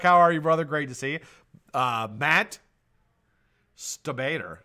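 A middle-aged man hosting a live stream, greeting viewers by name with loud shout-outs, swearing and joking. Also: a little high, a little slow. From United States. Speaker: host.

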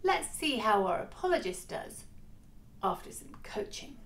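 A woman giving a scripted educational narration, speaking clearly, instructively and a little wryly. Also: fairly high pitch, very animated, measured pace.

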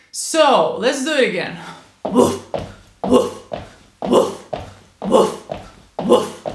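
A woman's voice: mid-range voice, a bit bright, reverberant. A woman vocal coach giving a patient instructional lesson on growling, demonstrating light sounds as she explains.

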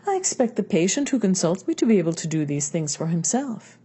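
A woman's voice: lowish voice, sing-song, a little fast, dark tone, breathy edge, exaggerated voice. A woman reading the lines of an older male philosopher in a patient, questioning manner. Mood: reasoning. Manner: reasoned, questioning delivery.

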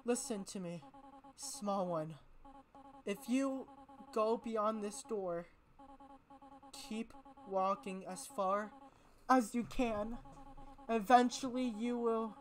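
A woman reading aloud the lines of a gentle, motherly female goat monster, in a soft, slow, earnest way. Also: a little high. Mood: tender pleading.

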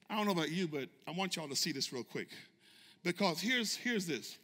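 A man preaching a sermon, swinging from loud shouts to quiet asides and calling on the congregation to respond. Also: sits high, big pitch swings, brisk. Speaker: pastor. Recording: long reverb of a large hall.

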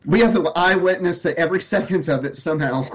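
Higher-voiced guy riffing on a movie, jokey, laughs a lot. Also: fast talker, husky, dull audio. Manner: joking, laughing often. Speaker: co-host of a movie riff commentary.

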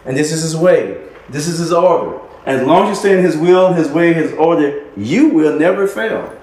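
A man preaches a sermon with emphatic, repeating phrases and little chuckles between points. His voice sits a touch high. The recording has a roomy, echoing sound. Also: moderate pace, darkish tone. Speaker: minister. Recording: echoey room.

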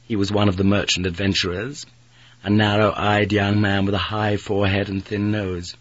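A man reading an audiobook in an even, unhurried way. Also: fairly low pitch, no echo. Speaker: audiobook narrator. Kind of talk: audiobook narration.

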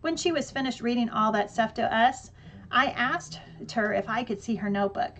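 A woman narrating an audiobook in a lively storytelling way with dry humor. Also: a little high, moderate pace, a little hiss or hum.

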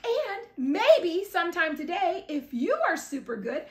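A woman's voice: very high-pitched, sing-song, unhurried. Playful woman reading aloud to kids. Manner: playful, sound effects, prompts listeners. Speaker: guest story reader. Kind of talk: animated read-aloud to children. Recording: echoey room.

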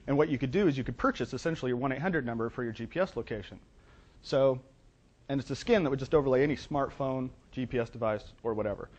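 A man who works as a business plan consultant, telling an animated, wry story to an audience of entrepreneurs. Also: mid-range voice, fast. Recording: dull lo-fi recording.

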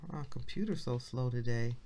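A woman minister gives an informal devotional Bible lesson in a chatty, everyday way. She reads the scripture slowly and circles back over its key phrases to explain them. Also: extremely low pitch, expressive, mellow. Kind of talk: casual devotional Bible teaching.

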